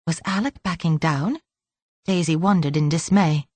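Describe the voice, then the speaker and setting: A woman's voice: deep voice, normal speed, darkish tone, dry recording. A woman narrating an audiobook in a light, lilting read on a close microphone. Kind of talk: scripted narration.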